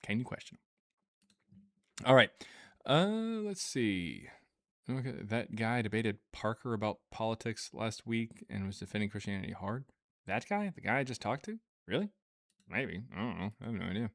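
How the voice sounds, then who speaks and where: A man hosts a casual live stream, chatting loosely with plenty of fillers and restarts. His voice swings widely in pitch as he jokes through viewer messages. The sound is dry and close, with no room echo. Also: lively intonation, normal speed. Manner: rambling, jokey, many fillers and restarts. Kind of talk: casual live-stream chat reading super chats.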